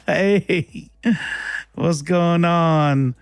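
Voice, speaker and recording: Chatty man, slightly high voice. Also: measured pace, no echo, studio quality, faint music behind. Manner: chatty, laughing, swearing, fumbling with settings. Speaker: livestream host. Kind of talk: casual livestream chat.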